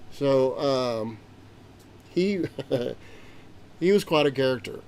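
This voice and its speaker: A man's voice: mid-range voice, expressive, slow pace, long pauses, darkish tone, clear, resonant tone. A man hosting a livestream, casually telling a rambling family story with restarts. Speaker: host.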